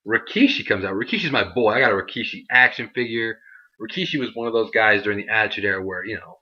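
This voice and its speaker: Young man, casual recap, rambling fillers, bright forceful tone. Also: fairly low pitch, fast talker, muffled recording. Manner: chatty, rambling, lots of fillers. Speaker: wrestling show reviewer.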